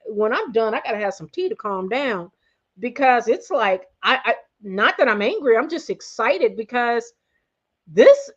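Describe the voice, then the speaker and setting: A woman hosting a casual commentary livestream, excitable and blunt, talking directly to her viewers. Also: on the high side, highs cut off. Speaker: host.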